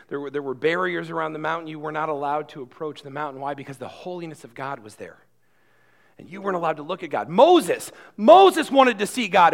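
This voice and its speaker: Guy preaching, high voice, goes from soft to real loud, says things twice. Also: gravelly. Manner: swings between quiet asides and loud emphatic passages; repeats and restarts words when worked up. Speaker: pastor. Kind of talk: sermon.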